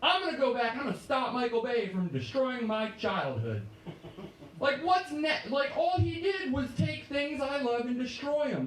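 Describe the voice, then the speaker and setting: A man performing a stand-up comedy set on a club stage, often jumping into shouted high voices. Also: very animated, moderate pace, reverberant, far from the mic, a little hiss or hum, low-quality recording.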